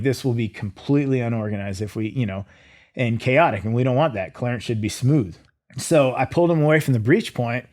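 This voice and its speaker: A middle-aged man, a former soldier, telling his story as an interview guest in a lively way, acting out his own thoughts. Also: mid-range voice. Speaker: guest, former Green Beret.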